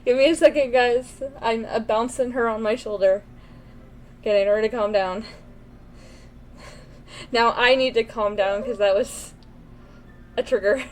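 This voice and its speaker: A woman's voice: a little high, measured pace, pauses often, slight background noise, poor audio. A young woman streaming a game, reading its narration aloud while chatting and cooing at her baby.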